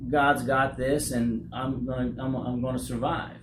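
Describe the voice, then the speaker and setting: A man in his forties, owner of a roofing company, speaking candidly in an interview, halting and repeating words as he talks. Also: medium pitch, little pitch movement. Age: 40s. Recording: echoey room with noise.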